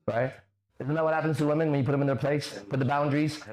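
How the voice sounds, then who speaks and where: A man's voice: a little high, fairly even intonation, quick pace, darkish tone. Confrontational man lecturing on a livestream. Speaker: host. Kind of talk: livestream reading and answering chat comments.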